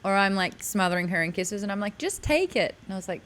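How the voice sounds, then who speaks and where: A woman hosting a casual podcast chat, playful and quick to laugh. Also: mid-range voice, level tone, fairly bright tone. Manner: playful, laughing, jumps into voices. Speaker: podcast host.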